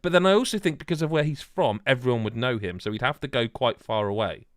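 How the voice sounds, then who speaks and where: A man's voice: medium pitch, fast, no echo, clean studio sound. A man hosting a casual gaming podcast, rambling and joking with lots of restarts. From Wales. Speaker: podcast host. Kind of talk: casual chat.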